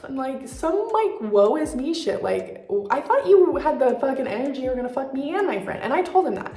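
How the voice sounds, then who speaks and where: A woman's voice: high-pitched, sing-song, a little fast, hardly any pauses, dark tone, echoey room, soft background music. A young woman vlogger telling a story in a candid, profane, casual way with lots of fillers.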